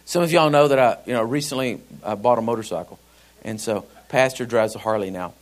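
A male pastor, telling a personal story in a sermon, laughing and animated. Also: medium pitch, brisk.

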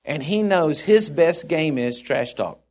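A man's voice: on the high side, expressive, measured pace, darkish tone. A middle-aged male pastor preaching a sermon, telling stories in a rambling, chuckling way with many restarts.

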